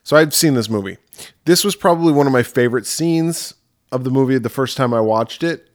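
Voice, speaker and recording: A man's voice: mid-range voice, a little fast. A man co-hosting a podcast in casual chat, blunt and swearing freely as he acts out movie lines. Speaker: podcast co-host.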